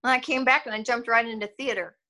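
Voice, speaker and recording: An older woman talking on a video call as an interview guest, reflective and halting, laughing often. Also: on the high side, fairly even intonation, bright, forceful tone. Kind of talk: casual interview conversation.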